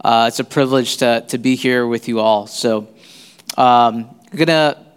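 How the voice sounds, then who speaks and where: A man giving a sermon as a visiting pastor in a church, speaking haltingly with many fillers and restarts. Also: mid-range voice, clear, resonant tone, big-room sound. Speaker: guest pastor. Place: church sanctuary.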